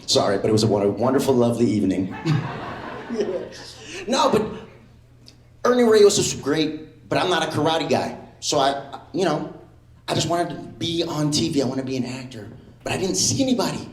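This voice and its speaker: A man doing a stand-up comedy set in a comedy club, animated and jumping into loud impressions. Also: a little high, normal speed, long pauses, roomy sound.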